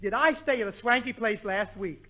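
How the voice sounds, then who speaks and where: A man's voice: sits high, a little fast. A man hosting a 1940s radio comedy show, delivering punchy wisecracks. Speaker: comedian host. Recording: muffled old radio with studio audience and hiss.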